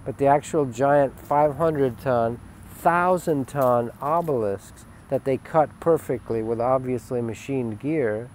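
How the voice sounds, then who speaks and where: A man at a middle pitch delivers a rambling spiritual webcast monologue. He swings from emphatic, loud declarations to hushed asides, with a faint hum of passing vehicles behind him. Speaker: spiritual teacher.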